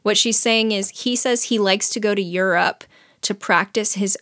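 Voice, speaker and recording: A woman chatting casually as she retells a story, full of fillers and quick asides in the characters' voices. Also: medium pitch, fairly bright tone, dry recording, clean studio sound. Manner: chatty, many fillers, acts out characters' thoughts. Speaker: book discussion co-host.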